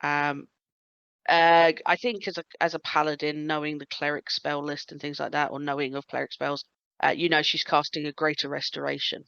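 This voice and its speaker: A woman narrating a tabletop game as game master, halting with many fillers. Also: low voice, flat delivery, creaky, fairly bright tone, clean tone, no room sound. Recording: dull lo-fi sound.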